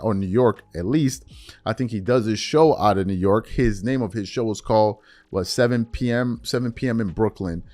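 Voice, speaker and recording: A man's voice: mid-range voice, a little mellow, dry recording. A man hosting a podcast, giving his opinion in casual talk that rambles with many fillers and repeats. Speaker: podcast host.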